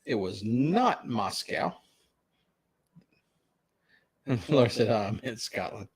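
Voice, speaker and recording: A man's voice: lowish voice, big pitch swings, slow pace, breathy edge. A man with a Southern US accent hosting trivia in casual live-stream chat, chuckling as he reads out questions. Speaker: trivia host.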